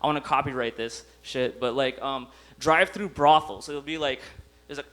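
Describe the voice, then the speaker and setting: A man's voice: medium pitch, normal speed, a bit bright. A young man performing a stand-up comedy set, laughing at his own jokes and acting out voices. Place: comedy club stage.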